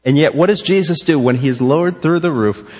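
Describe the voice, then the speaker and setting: A man preaching a sermon, animated, asking rhetorical questions and acting out the quoted lines. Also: fairly high pitch, brisk, slightly rough, in a large hall. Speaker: pastor.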